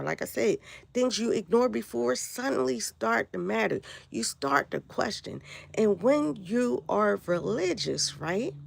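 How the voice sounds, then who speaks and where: Raspy-voiced woman hosting a spiritual livestream. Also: fairly low pitch, no echo. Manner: preachy, asks viewers if they follow. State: raspy from the flu. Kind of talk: casual livestream talk.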